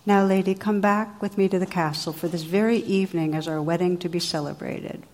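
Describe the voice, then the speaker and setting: A woman's voice: fairly low pitch, steady tone, brisk, a little mellow, in a large hall, natural voice. Woman reading as an earnest young knight. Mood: defiant.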